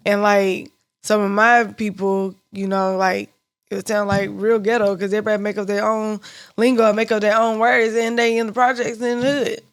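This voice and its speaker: A woman's voice: medium pitch, level tone, moderate pace, clean tone. A woman co-hosting a casual podcast, chatty and full of "like", laughing often. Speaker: podcast co-host.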